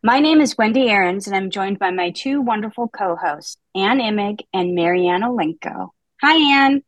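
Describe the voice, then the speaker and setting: Her voice sits at medium pitch, expressive and at a normal speed, captured without echo on a low-quality recording. She's the host of a book podcast, opening with a scripted intro before guiding an easygoing book-club chat full of dry, self-deprecating wit.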